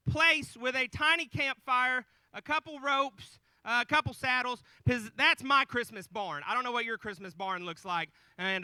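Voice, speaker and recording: A man's voice: very high-pitched, sharp tone, clean tone, no room sound, poor audio. A man in his thirties telling a folksy, joking nativity story to a live audience, with asides to the crowd. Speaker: storyteller on stage. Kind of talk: comic live retelling of the nativity.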